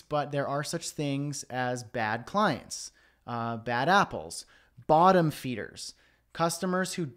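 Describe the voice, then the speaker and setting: Chatty man giving freelancing advice. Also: medium pitch. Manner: conversational, self-deprecating, frequent fillers. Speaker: host of a freelancing Q&A livestream. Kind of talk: casual advice livestream. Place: home studio.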